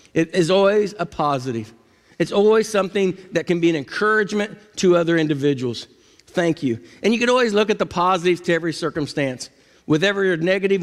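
A man preaching a sermon as pastor, dramatic, swinging from low murmurs up to high cries. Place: church sanctuary. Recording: long church reverb.

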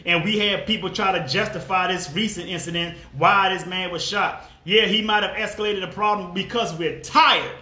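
A man's voice: high voice, lively intonation, moderate pace, hardly any pauses, bright, forceful tone, roomy sound. A motivational speaker, a man, in an impassioned monologue to camera, angry and blunt, swearing and repeating his phrases.

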